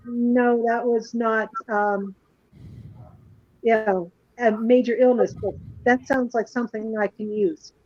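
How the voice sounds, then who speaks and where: A woman who is a guest author, speaking thoughtfully and hesitantly with many pauses on a video call. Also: fairly high pitch, fairly even intonation, darkish tone, dull audio. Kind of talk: casual panel chat.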